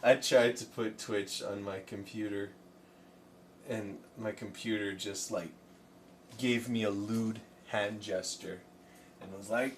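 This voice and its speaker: Heard from a distance off the mic, this man has a fairly low, steady voice and speaks a little slowly. He's painting during a casual live stream, joking and rambling to his chat and to himself. Faint room noise is audible.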